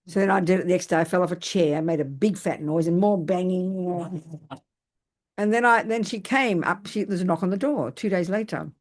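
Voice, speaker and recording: A Buddhist teacher, an older woman, speaks at a normal pace with a voice on the low side during a dharma talk. She often restarts sentences as she tells spirited stories at her own expense.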